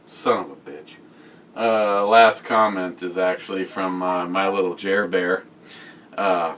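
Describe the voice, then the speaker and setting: A man's voice: sits low, fairly bright tone, far from the mic, slight background noise. A man on a casual beer-review vlog reads out viewer comments with crude, joking humor and a lot of swearing.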